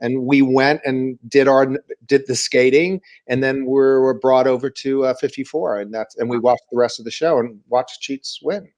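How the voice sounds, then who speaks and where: A man's voice: mid-range voice, steady tone, moderate pace, hardly any pauses, darkish tone, no room sound, rough recording. Man eagerly recalling, dry sound. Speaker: guest. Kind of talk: casual chat on a video call.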